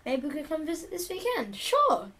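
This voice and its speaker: Her fairly high voice has vocal fry and moves at a moderate pace. She's a young woman playing a chat game on YouTube, casually reading typed lines and adding asides to the camera, with loud music behind her.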